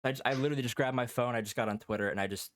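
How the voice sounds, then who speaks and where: A man in a relaxed podcast chat, speaking at a middle pitch. He tells stories with animation and acts out what he thought, with quick jumps up in his voice. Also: no echo, studio quality. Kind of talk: casual chat.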